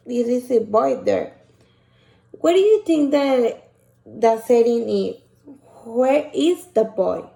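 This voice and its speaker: A woman teacher, reading a picture book aloud and asking children questions in a slow, patient way. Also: fairly high pitch, vocal fry, dark tone, reverberant. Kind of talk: shared reading lesson for children.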